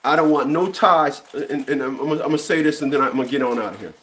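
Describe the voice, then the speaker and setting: A man's voice: mid-range voice, fast, fairly bright tone. A man in his fifties delivering a blunt, profane opinion rant, often stumbling and repeating words as he restarts. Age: 50s. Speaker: commentary channel host.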